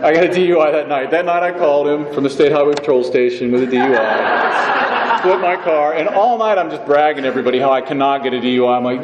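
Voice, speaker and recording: A man's voice: a little high, quick pace, lo-fi sound, a loud crowd. Rambling, self-mocking man in an echoey hall. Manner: rambling and self-mocking, full of "you know what I mean". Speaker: AA meeting speaker. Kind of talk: personal recovery story told to a meeting. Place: meeting hall. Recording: echoey hall with background noise.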